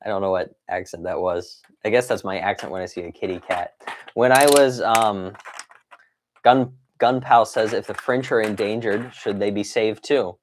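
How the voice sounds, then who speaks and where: A man's voice: on the low side, fairly even intonation, normal speed, slight background noise. A young man chatting casually on a live stream, rambling with lots of fillers and laughing as he reads viewer comments. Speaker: toy collector streamer.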